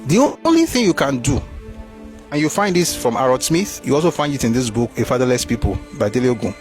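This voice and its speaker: Animated Nigerian man giving commentary. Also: a little high, fairly quick, faint music behind. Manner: animated, rhetorical, reads passages aloud. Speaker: history commentator. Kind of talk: opinionated commentary.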